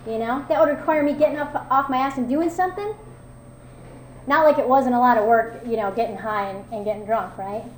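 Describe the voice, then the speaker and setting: A woman with a twang speaks her personal testimony with a slightly high voice. She is frank and wry, full of fillers and restarts. The room around her is echoey, with faint ambience underneath. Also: a little fast, slight background noise. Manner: candid, self-mocking, conversational with many fillers. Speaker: recovery meeting speaker.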